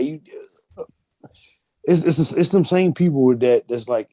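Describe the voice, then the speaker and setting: Mellow-voiced man ranting on a podcast. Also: medium pitch, unhurried, no room sound. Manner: emphatic, profane, acts out quoted people. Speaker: podcast co-host. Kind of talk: casual group discussion.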